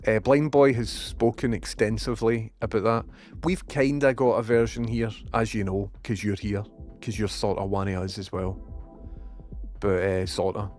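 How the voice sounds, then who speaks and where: A man's voice: on the low side, normal speed, soft background music. A Scottish man hosting a casual live stream, chatting loosely, swearing freely and reading viewer messages aloud. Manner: swears freely, excitable, reads chat aloud. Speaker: livestream host.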